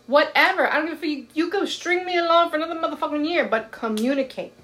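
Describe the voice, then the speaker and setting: A woman co-hosting a casual podcast, venting in a blunt, emphatic way with lots of swearing. Her voice sits a little high. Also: quick pace, a bit bright. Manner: blunt, profane, emphatic ranting. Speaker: podcast co-host. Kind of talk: casual chat.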